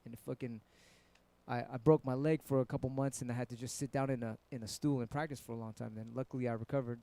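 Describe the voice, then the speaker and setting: With a mid-range, steady, creaky and mellow voice recorded without echo, a fast-talking middle-aged man from San Francisco talks casually to his live stream viewers. His laid-back storytelling rambles along, packed with swearing.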